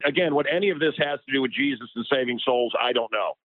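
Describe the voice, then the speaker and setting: A man's voice: mid-range voice, quick pace, dry recording. A man, a radio personality, talking as a guest in an interview, impassioned and getting worked up as he speaks. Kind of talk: heated interview conversation. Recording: tinny phone line.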